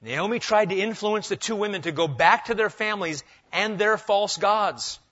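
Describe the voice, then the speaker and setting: Bright-voiced male preacher, lo-fi sound. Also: sits high, normal speed. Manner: conversational, joking asides. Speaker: pastor. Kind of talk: expository sermon.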